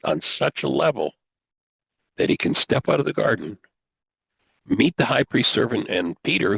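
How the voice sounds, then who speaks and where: Gravelly, animated older man teaching. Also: lowish voice, no room sound, rough recording. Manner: animated, acts out quoted dialogue. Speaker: host. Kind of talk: radio talk, teaching.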